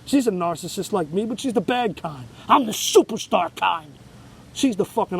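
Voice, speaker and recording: A man's voice: high voice, expressive, moderate pace, vocal fry, slight background noise, poor audio. Agitated, profane New man ranting. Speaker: show host. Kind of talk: ranting monologue.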